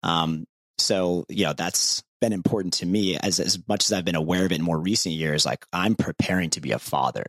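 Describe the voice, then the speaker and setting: A man in his thirties talks on a podcast with a very deep voice. He is candid and easygoing and laughs often. The close mic gives a dry sound with no room echo. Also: brisk, fairly bright tone. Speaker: podcast co-host. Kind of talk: casual podcast conversation.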